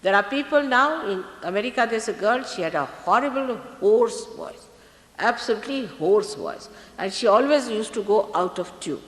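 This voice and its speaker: Brief: woman spiritual teacher, animated storytelling voice, roomy hall with a long echo. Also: medium pitch, moderate pace. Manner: lively storytelling with repetitions. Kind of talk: spiritual talk to an audience. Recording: echoey hall archive recording.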